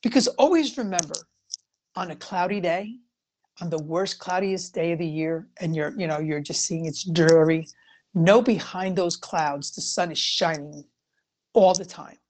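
A woman shares her thoughts on tarot and moods in a loose, conversational way. Her voice sits a little on the low side, and she circles back on her points with plenty of casual fillers. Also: moderate pace, a little mellow, a little hiss or hum. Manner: chatty and rambling, frequent "you know" fillers. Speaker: tarot reader. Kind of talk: casual spiritual talk to viewers.

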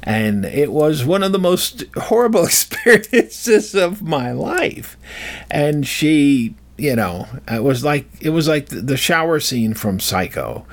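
A man's voice: a little high, big pitch swings, takes it slowly. An older man talking casually and wandering off track, often restarting his sentences as he tells a personal story and gives advice. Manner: digressive, self-interrupting storyteller. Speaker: speaker giving life advice. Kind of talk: casual rambling monologue.

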